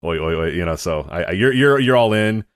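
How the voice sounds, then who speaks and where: A man's voice: low voice, animated, brisk, dry recording, clean studio sound. A man co-hosting a podcast in casual chat, rambling and correcting himself, laughing as he tells stories. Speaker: podcast co-host.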